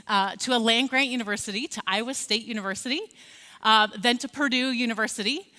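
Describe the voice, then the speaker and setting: Keynote speaker: American-accented woman in her 40s, bright and forceful, chatty lecture style, reverberant hall. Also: fairly high pitch, normal speed. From Scotland. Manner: friendly, conversational, many fillers and restarts. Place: large conference hall.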